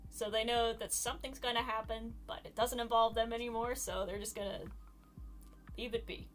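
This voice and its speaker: A woman with a fairly high voice casually retells a story while she plays a game, lively and giggly, often breaking into laughter. Faint music plays behind her. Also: normal speed.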